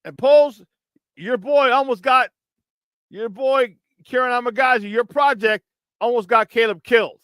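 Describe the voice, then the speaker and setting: Man, high voice, dry close sound, heated sports radio rant, profane. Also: normal speed, fairly bright tone, smooth, dry recording. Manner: frustrated, profane, mocking impressions.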